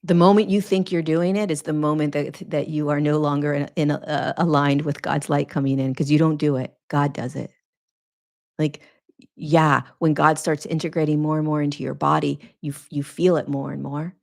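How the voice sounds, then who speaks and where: A woman's voice: low voice, little pitch movement, normal speed, creaky, a little mellow. A woman hosting her own podcast, speaking as a spiritual teacher in an earnest, emphatic monologue that repeats phrases for weight. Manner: earnest, repetitive, emphatic, preaching cadence.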